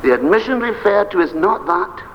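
A man's voice: high-pitched, sing-song, normal speed. An older man, a minister preaching an earnest, emphatic sermon. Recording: dull lo-fi archive recording with faint hiss.

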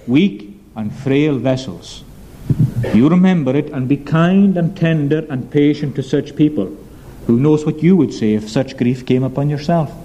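A man preaches a sermon in an earnest, emphatic way, leaning on key phrases and slowing down on them. His voice sits a little high, but its tone is dark and mellow. Faint noise hums behind him.

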